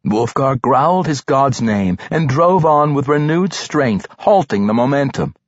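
A man narrating a fantasy audiobook in an expressive, dramatic reading style. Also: mid-range voice, unhurried, no echo, dull audio.

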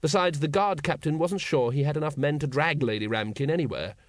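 A man's voice: on the high side, brisk, dry recording. A man reading a novel aloud in a dry, wry storytelling manner. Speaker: audiobook narrator. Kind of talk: scripted narration.

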